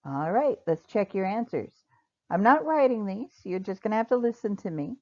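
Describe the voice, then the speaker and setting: A woman's voice: medium pitch, animated, mellow. Patient woman teaching grammar, lo-fi. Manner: patient, slow modeling of example sentences. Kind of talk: recorded online lecture. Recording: dull lo-fi recording.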